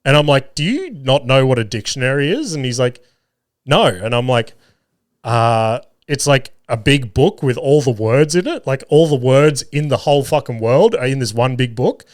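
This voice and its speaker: A man's voice: mid-range voice, expressive, normal speed, no echo, studio quality. A man in his thirties hosting a solo podcast, telling rambling family stories with lots of swearing and laughs. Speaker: podcast host. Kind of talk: casual solo podcast storytelling.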